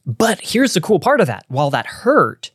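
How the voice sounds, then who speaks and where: A man's voice: high voice, huge pitch swings, moderate pace, fairly bright tone, breathy edge, no room sound, studio quality. A man with a Texan accent, a pastor talking earnestly in a casual conversation, often restarting his sentences. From Texas. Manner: earnest, rambling with many restarts and fillers. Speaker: church planting pastor.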